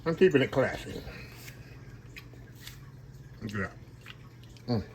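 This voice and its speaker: With lively intonation and a slow pace, a medium-pitched man runs a casual cooking demo for his home channel, frying shrimp as he talks. Folksy and chatty, he keeps saying "y'all" and cracks himself up with his jokes. The sizzle of oil and kitchen sounds are clearly audible.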